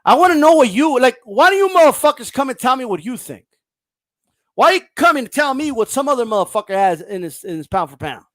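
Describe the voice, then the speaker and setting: Profane high-voiced man ranting on a stream. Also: very animated, brisk, fairly bright tone, no echo. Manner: profane, blunt, ranting, reads viewer comments aloud. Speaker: boxing livestream host. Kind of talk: casual livestream rant.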